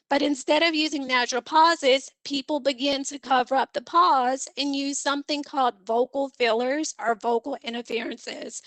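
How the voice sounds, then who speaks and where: A woman instructor giving an online seminar lecture on public speaking. She talks in a clear, instructive way and acts out vocal examples. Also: sits high, a bit bright, dry recording, rough recording. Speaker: communication instructor.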